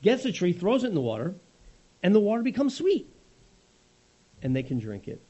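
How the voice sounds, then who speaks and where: A middle-aged male preacher tells the story with animated, conversational energy. His pitch sits fairly high and leaps about, and his tone is mellow with a husky grain. The recording is slightly muffled. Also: normal speed. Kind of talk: sermon.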